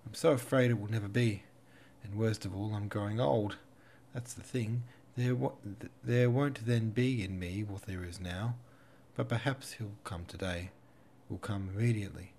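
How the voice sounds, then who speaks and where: Guy reading an anxious dreamy young woman, lowish soft voice, a bit wistful. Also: moderate pace, slight background noise, natural voice. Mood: anxious yearning. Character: young woman, restless and yearning.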